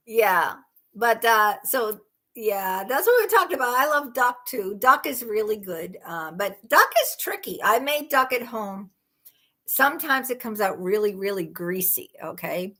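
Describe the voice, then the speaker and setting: Chatty woman, lively and bright. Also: mid-range voice, unhurried. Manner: chatty, rambling, exclaims in disbelief. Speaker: livestream host. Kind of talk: casual live chat.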